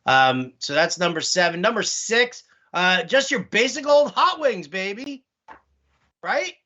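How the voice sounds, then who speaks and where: A man's voice: high-pitched, expressive, measured pace, pushed and bright. A man co-hosting a podcast, chatting casually in a rambling, joking way full of fillers. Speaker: podcast co-host. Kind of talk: casual banter.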